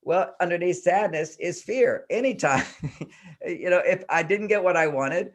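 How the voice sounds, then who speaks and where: An older man, invited onto a talk show as a relationship expert, explains in earnest tones while repeatedly questioning himself and acting out the voices in his head. He has a high, animated voice and takes his time.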